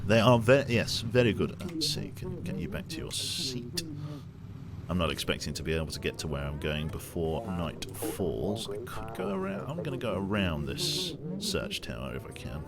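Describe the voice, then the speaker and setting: A man's voice: sits low, big pitch swings, normal speed, a loud crowd. A young man streaming a game, chatting casually with viewers, reading chat aloud and swearing now and then. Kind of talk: casual gameplay commentary.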